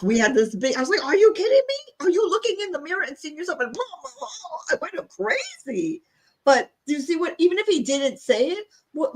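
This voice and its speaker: Middle-aged woman, podcast co-host; candid, animated storyteller, pitch jumps when she gets riled. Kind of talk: candid casual chat.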